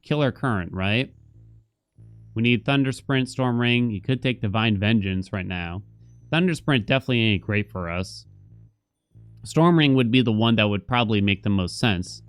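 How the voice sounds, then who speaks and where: A man's voice: medium pitch, lively intonation, moderate pace, clear, resonant tone, dry recording, faint music behind. Chatty young man streaming a game. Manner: chatty, thinks aloud while playing. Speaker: gaming streamer. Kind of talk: casual gameplay commentary.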